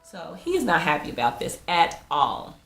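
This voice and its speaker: A woman's voice: deep voice, wildly swooping pitch, normal speed, fairly bright tone. A woman giving a chatty, casual recap of a TV episode, laughing often and acting out the characters' lines. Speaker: TV episode reviewer. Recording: roomy echo.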